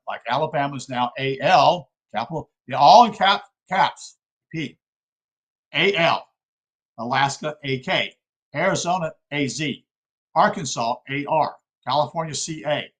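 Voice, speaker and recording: In a low-quality recording, a man with a voice on the high side lectures informally and earnestly. Hailing from South Carolina, he refers to his listeners as "folks" and frequently checks in with an "okay?"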